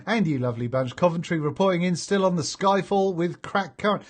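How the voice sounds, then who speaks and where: A man's voice: sits high, animated, brisk. Chatty man reading live chat. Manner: chatty and jokey, laughs often, many fillers. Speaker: host of a live vaping stream. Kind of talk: casual live-stream chat, reading viewer comments aloud.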